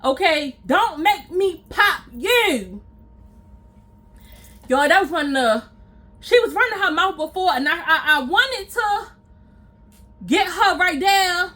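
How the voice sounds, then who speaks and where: Bright, high-voiced woman telling a story. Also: takes it slowly, pauses often. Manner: animated, repeats phrases for emphasis, acts out quoted lines. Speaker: storytime vlogger. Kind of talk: casual storytelling to viewers.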